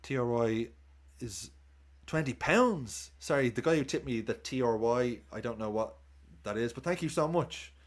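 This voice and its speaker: A man's voice: mid-range voice, normal speed. A man streaming a live football watchalong, chatting casually, swearing, cheering goals and thanking viewers for tips.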